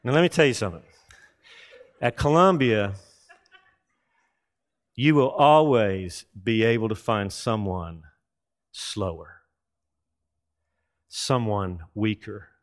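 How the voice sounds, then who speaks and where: A man preaching a sermon to a live audience, emphatic, asking rhetorical questions and slowing down for emphasis. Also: on the low side.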